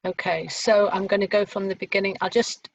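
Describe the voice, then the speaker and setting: This choir leader speaks fairly quickly in a steady, mid-range voice with some vocal fry, explaining an online rehearsal step by step and leaning on fillers. Her video call sound is dull and lo-fi, with a little hiss or hum.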